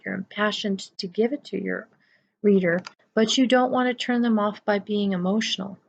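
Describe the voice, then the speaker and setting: Gravelly-voiced woman lecturing. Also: medium pitch, darkish tone, dull audio. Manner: chatty, emphatic, playful asides. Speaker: college writing instructor. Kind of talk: recorded lecture.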